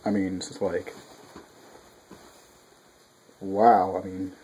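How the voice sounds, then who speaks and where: A man's voice: sits low, slow, a little hiss or hum, poor audio. A young man reviewing a manga chapter in a casual, rambling, profane way, at home with his cat nearby. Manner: profane, rambling, animated quoting.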